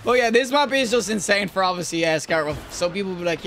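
A young man with a high-pitched voice gives live gameplay commentary. He is excitable and slangy, talking straight to his viewers and breaking into yells and laughs, with faint room sound behind him. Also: fast talker, hardly any pauses, slight background noise. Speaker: gaming video creator.

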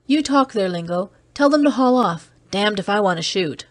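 A woman voicing a calm older male guard in an audiobook, giving curt, steady commands. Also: mid-range voice, normal speed, dry recording, studio quality, natural voice.

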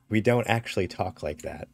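A young man from upstate New York chats casually while streaming a game, reading signs aloud and narrating what he does. His voice is on the low side and creaky.

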